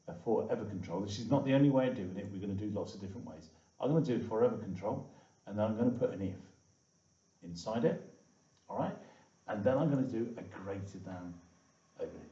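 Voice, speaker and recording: In a low, mellow voice, a man chats his way through a screen-recorded coding tutorial, peppering it with "okay" and "all right." The audio has a dull lo-fi room quality, echoey and distant.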